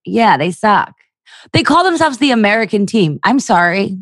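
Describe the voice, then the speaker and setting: A woman's voice: medium pitch, sing-song, normal speed, dry recording, clean studio sound. A young woman from the Philadelphia area, a stand-up comedian talking casually on a podcast, telling stories with crude jokes and acted-out voices.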